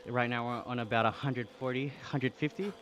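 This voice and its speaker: Live-streaming from an indoor trainer, an Australian-accented man briskly reads chat and thanks viewers, out of breath from cycling. His mid-range voice has fairly even intonation and a bit of brightness, with slight background noise.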